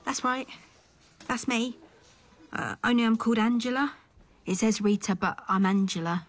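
An actor playing a timid young woman who speaks hesitantly, with a husky voice. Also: a little high, moderate pace, natural voice. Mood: shy. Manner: shy and hesitant. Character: shy young English woman, timid, eager.

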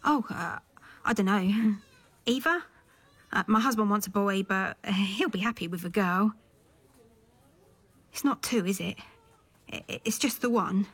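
A shy, husky young woman. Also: medium pitch, a little slow, pauses often, a bit bright, dry recording. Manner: shy and hesitant. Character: shy young English woman, timid, eager.

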